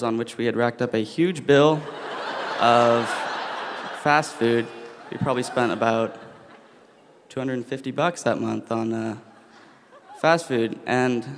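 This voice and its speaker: A teenage boy tells a story about himself to a live audience, chatty and loose, with plenty of "uh"s and laughs running through it. He has a middle pitch for a male voice. A long hall reverb trails behind him on the stage. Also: slight background noise. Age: teens. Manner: casual, laughing often, many fillers.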